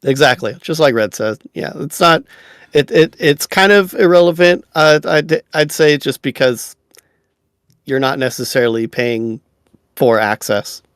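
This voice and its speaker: A man co-hosting a casual gaming podcast, joking in a dry, facetious deadpan. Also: medium pitch, a little slow, smooth, no echo. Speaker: podcast co-host. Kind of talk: casual chat.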